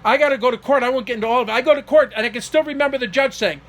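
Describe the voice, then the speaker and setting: A middle-aged man telling a personal story in an emotional monologue, getting agitated and acting out the people he quotes, at times close to shouting. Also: very high-pitched, racing. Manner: agitated, acts out quoted dialogue, rising to near shouting.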